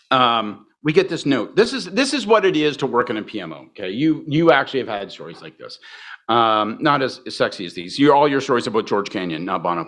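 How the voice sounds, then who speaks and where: A man's voice: mid-range voice, a bit bright. A man telling a long story at a live podcast taping, wry, profane and self-mocking. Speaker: podcast co-host. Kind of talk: animated storytelling on stage. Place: live event on stage.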